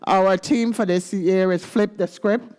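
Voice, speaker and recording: A woman's voice: mid-range voice, fairly even intonation, unhurried, darkish tone. A woman with a Virgin Islands accent gives an upbeat, playful speech at a legislative ceremony and leads the crowd in chants. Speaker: government senior services official.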